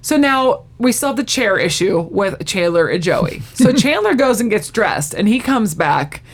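A woman's voice: medium pitch, moderate pace. A woman in casual chat, eagerly retelling a sitcom episode and acting out the characters' lines as she goes. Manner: animated storyteller who acts out the quotes.

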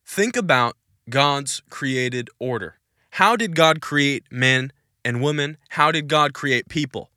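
A man's voice: mid-range voice, takes it slowly, bright, forceful tone, dry recording, studio quality. A man hosting a Christian podcast Q&A, answering questions in an emphatic, insistent, preachy way and repeating his points. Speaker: podcast host.

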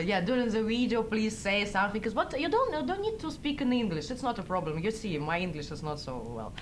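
Russian-accented woman, halting English. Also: medium pitch, background noise. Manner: halting English, laughing easily. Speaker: studio guest. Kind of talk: casual radio chat.

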